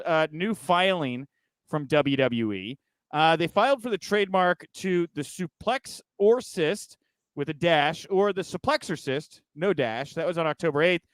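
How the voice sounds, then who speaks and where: Male podcast host, joking and sarcastic in casual news chat, with a smooth, high voice on a dry recording. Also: fairly bright tone, no echo.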